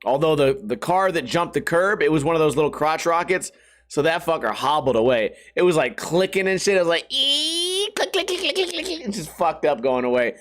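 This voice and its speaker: A man's voice: a little high, fairly quick. A man hosting a podcast with a sore throat, telling stories in a casual, rambling, profane way. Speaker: podcast host. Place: home. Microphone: camera, sitting at a desk.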